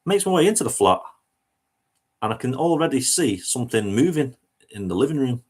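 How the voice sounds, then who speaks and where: A man's voice: medium pitch, big pitch swings, fairly quick, a little mellow, slightly rough. A man, a touring musician telling a story in a chatty, self-mocking way and laughing as he goes. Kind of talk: casual storytelling anecdote.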